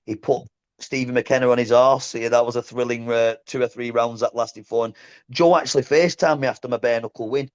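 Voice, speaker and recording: A man's voice: medium pitch, a little fast. Blunt man, slightly lo-fi. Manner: blunt and animated, calls the host "mate". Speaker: guest, former boxer and coach. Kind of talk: casual interview chat.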